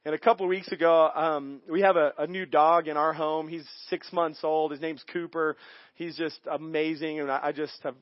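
Guy preaching a story sermon, bit high-pitched, laughs a lot, kinda muffled church audio. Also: dry recording. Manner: animated, chuckling, frequent restarts. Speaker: guest pastor. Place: church sanctuary.

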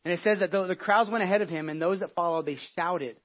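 A man preaching a casual, conversational sermon as a pastor, telling the story in an animated way with many restarts and asides. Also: sits high, fast talker, dull audio. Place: church.

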